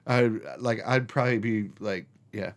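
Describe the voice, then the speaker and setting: A man's voice: lowish voice, moderate pace. A man hosting a casual chat, telling a story with lots of swearing and restarts. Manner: animated storyteller, swears freely, restarts often.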